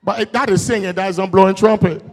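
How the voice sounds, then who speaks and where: A Barbadian man with a high voice delivers a political rally speech, mixing folksy jokes with bursts of shouted emphasis. His words ring out with a long reverb tail from a big venue. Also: fairly even intonation, fast talker. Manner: folksy, joking asides, rising to shouted emphasis. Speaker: political speaker.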